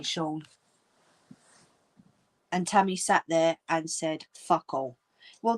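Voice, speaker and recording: A woman ranting angrily at viewers, swearing and scolding. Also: fairly low pitch. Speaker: channel host. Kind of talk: angry direct-to-camera rant.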